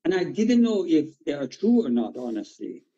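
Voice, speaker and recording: A man whose first language is Farsi, a pastor, tells his testimony in an interview with lively storytelling and acts out the dialogue. His voice sits a little high and sounds mellow. The recording is somewhat dull and lo-fi. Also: normal speed, husky. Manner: animated storytelling, acting out dialogue.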